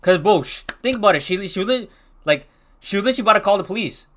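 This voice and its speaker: A man's voice: sits high, lively intonation, fast talker, heavy background noise. A young man casually telling a rambling storytime, full of slang and restarts.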